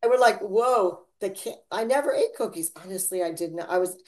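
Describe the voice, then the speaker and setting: At a moderate pace, with a crowd audible behind her, this woman hosts a relaxed faith podcast. She rambles, laughs, and lets her voice rise and fall in big dramatic sweeps of pitch and loudness.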